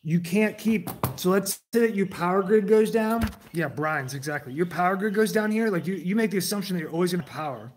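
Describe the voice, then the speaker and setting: Rambling man, slightly high voice. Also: fairly quick, few pauses, a little hiss or hum. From United States. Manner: digressive, restarts sentences, jumps between tangents. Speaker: livestream host. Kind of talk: casual rambling monologue to chat.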